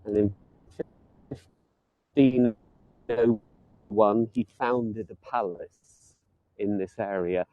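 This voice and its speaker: A man's voice: on the low side, extremely slow, pauses often, no echo, narrow, tinny audio. A man giving a live walking tour outdoors, chatting and joking lightly as he strolls the streets. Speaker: tour guide.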